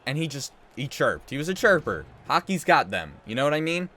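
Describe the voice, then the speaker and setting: A man's voice: a little high, sing-song, fairly quick, pushed and bright. A man hosting a gaming channel, casually telling a rambling story while he plays, emphatic and often restarting his sentences. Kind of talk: casual storytelling over gameplay.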